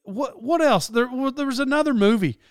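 A man talking in a casual solo monologue. He rambles, restarts and corrects himself, with animated bursts. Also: very high-pitched, fairly quick, clear, resonant tone, no echo, studio quality.

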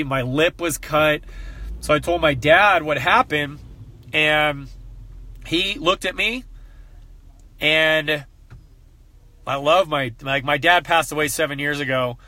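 Male coach, earnest heartfelt talk, tense bright tone, dry close sound. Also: on the high side, dry recording. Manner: earnest, emotional, fighting back tears. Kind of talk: heartfelt personal talk to a group.

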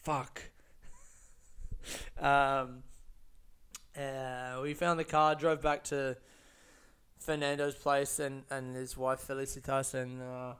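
Rambling, swearing man with a smooth voice. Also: mid-range voice, little pitch movement, slow pace, long pauses, fairly bright tone. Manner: rambling and profane, many fillers and restarts. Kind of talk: casual storytelling monologue.

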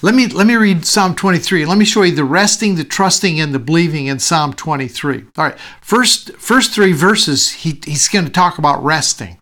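A man preaching a sermon, his voice sitting a little high for a man. He talks in a relaxed, conversational way and keeps circling back to the same phrases to drive them home. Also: moderate pace, hardly any pauses. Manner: repeats key phrases for emphasis, conversational. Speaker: pastor.

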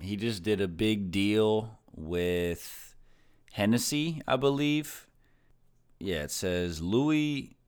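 A man's voice: low voice, clean tone. A man hosting a podcast, reading news stories aloud and then riffing on them casually with slang and swearing. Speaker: podcast host.

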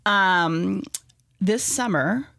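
A woman's voice: medium pitch, extremely slow, gravelly, a bit bright, dry recording. Chatty woman with a dry close sound. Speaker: guest. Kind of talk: casual chat.

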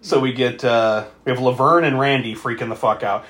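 A man's voice: mid-range voice, steady tone, brisk, a bit bright. A man co-hosting a podcast, recapping a movie in casual chat, laughing often, swearing freely and acting out the characters' lines. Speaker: podcast co-host.

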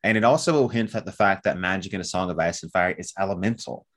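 Man co-host, thoughtful and analytical, very deep voice. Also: quick pace, fairly bright tone. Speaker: podcast co-host. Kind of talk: casual chat about a fantasy novel.

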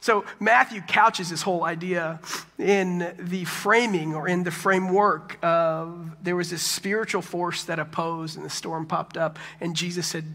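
A high, bright male voice delivers a lively sermon, jumping into acted quotes and casual asides. Long reverb hangs after each phrase, as in a large hall. He sounds like a pastor in his thirties. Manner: animated preaching with quick asides and acted quotes.

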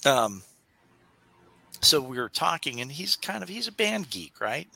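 A man's voice: a little high, very animated, measured pace, gravelly, pushed and bright, low-quality recording. A middle-aged man co-hosting a podcast, chatting casually and joking, laughing often and sliding into mock impressions. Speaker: podcast co-host. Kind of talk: casual chat.

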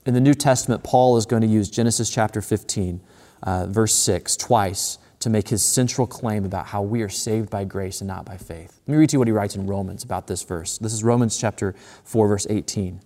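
A man preaching a sermon in an earnest way, repeating phrases and slowing down to read scripture aloud. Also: lowish voice, dark tone, big-room sound. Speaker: pastor.

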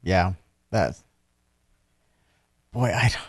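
A man co-hosting a casual book discussion podcast, talking in halting bursts with frequent restarts. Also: low voice, lively intonation, no echo, clean studio sound. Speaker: podcast co-host.

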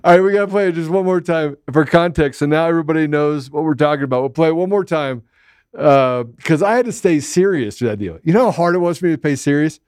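A man hosting a casual talk show, excitable and joking, laughing often as he gives play-by-play commentary. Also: on the high side, fast, clear, resonant tone, dry recording, clean studio sound. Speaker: show host. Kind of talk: casual political chat.

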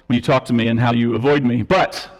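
A man's voice: medium pitch, steady tone, fast talker. A male preacher delivering a teaching sermon, emphatic and explanatory, with self-deprecating asides. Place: church sanctuary. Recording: long reverb of a church hall.

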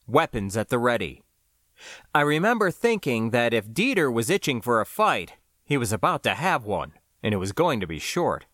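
Guy reading a scifi novel out loud, first person, lots of ups and downs in his voice, dry close sound. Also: mid-range voice, no echo. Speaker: audiobook narrator. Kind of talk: first-person scripted narration.

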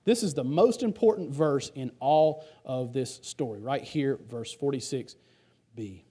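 A man's voice: medium pitch, unhurried, mellow, husky. A male pastor preaching a sermon in a conversational, storytelling way.

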